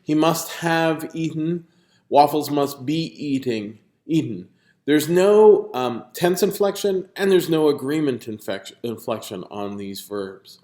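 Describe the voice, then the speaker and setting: A man's voice: medium pitch, darkish tone. A man with a mid-range voice lectures on video, explaining patiently and leaning on key terms. Fillers and restarts break up his sentences, and the room around him rings with a noticeable echo. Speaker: linguistics lecturer.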